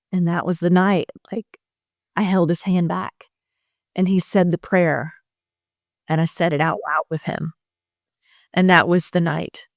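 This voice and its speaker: A woman's voice: on the low side, gravelly, dry recording. Middle-aged woman guest, emotional confessional storyteller, dry close sound. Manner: emotional, animated, talks to listeners directly. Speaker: podcast guest. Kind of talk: candid personal storytelling.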